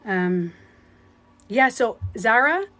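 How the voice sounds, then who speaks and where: A woman's voice: fairly high pitch, expressive, very slow, fairly bright tone. A woman hosting a casual phone livestream from home as a spiritual life coach, talking earnestly, rambling and often laughing.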